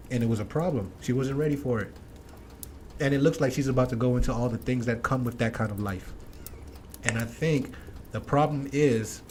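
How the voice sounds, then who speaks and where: A man's voice: mid-range voice, a little mellow, a little hiss or hum. A man hosting a reaction commentary, blunt, emphatic and opinionated. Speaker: commentary host.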